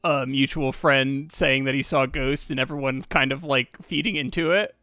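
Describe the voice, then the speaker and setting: Bright-voiced man riffing with a laugh. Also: mid-range voice, fairly even intonation, moderate pace, dry recording, studio quality. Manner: laughs often, riffs with filler like "like". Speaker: podcast co-host. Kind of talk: casual comedic podcast chat.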